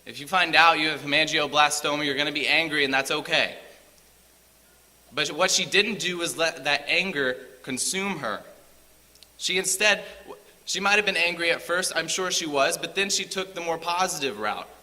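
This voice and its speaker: A man's voice: on the high side, moderate pace, sharp tone, big-room sound. A man preaching a sermon in a church, retelling a scripture story with rising emphasis.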